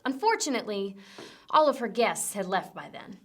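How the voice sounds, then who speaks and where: A woman's voice: mid-range voice, very animated, normal speed. A young woman hosting a comedic news rundown, delivering sarcastic punchy jokes. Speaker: host.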